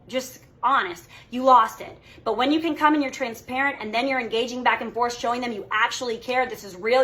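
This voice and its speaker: A woman's voice: fairly high pitch, a bit bright. A woman in her thirties giving a motivational training talk to her sales team, emphatic and coaching, checking in constantly with "okay?" and "all right?". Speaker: direct sales team leader.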